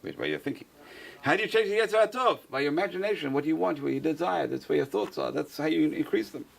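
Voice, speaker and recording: A man's voice: on the high side, fast, creaky. A man, a rabbi, giving an informal Torah class, repeating phrases for emphasis and answering his own questions.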